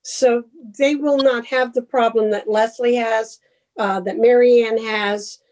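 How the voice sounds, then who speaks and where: Matter-of-fact higher-voiced woman. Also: steady tone, unhurried, a little mellow, rough recording. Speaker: commission member. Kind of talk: casual meeting discussion.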